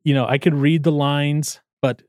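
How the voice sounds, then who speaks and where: A man's voice: on the high side, moderate pace, no room sound, clean studio sound. A man in casual chat, retelling a comedy scene and acting out the characters' lines. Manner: animated storyteller, acts out quoted lines.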